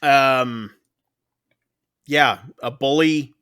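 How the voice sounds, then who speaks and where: A man's voice: medium pitch, extremely slow, fairly bright tone, smooth. A man co-hosting a podcast, retelling a movie plot in a rambling, casual way, full of fillers as he acts out the characters' lines. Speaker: podcast co-host recapping a film. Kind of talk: casual chat.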